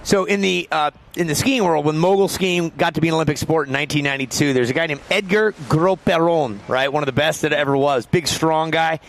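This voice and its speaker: A man's voice: a little high, fairly quick, vocal fry, hardly any pauses. A man doing live surf commentary, reading out scores and telling chatty stories with laughs.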